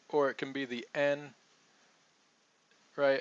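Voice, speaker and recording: Male coach, bright tone, patient drill repetition, muffled recording. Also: medium pitch, clear, resonant tone, dry recording. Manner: patient, repeats example sentences slowly. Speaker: accent coach. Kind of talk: relaxed teaching monologue.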